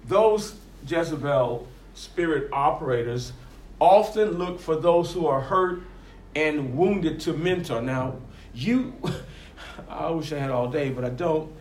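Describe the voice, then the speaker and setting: A man preaching with a fairly high voice, swinging between loud emphatic bursts and quiet asides. He acts out the voices he quotes as he goes. The sound is roomy and echoey. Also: slow, slight background noise. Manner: rising and falling emphatically, acting out quoted voices. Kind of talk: sermon.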